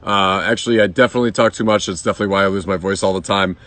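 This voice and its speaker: A man in his thirties with a Boston accent and a slightly hoarse voice, joking and swearing freely through a casual beer review vlog outdoors in his yard. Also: low-pitched, fairly even intonation, rapid-fire, fairly bright tone, no echo. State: voice a bit hoarse. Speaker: beer vlogger.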